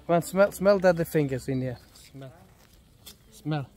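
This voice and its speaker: A man's voice: a little high, measured pace, a little mellow. A man giving an enthusiastic, casual vlog tour of his farm outdoors, often ending his sentences with "eh?". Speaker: vlogger showing his farm. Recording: outdoor farm noise behind. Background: chickens, roosters and birds.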